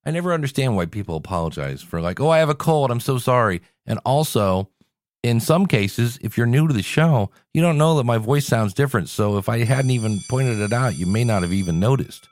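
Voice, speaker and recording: A man's voice: mid-range voice, lively intonation, brisk, a little mellow, dry recording, clean studio sound. A male podcast host talking casually on his show, tired and sick with a cold, rambling and joking at himself. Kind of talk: casual solo podcast talk.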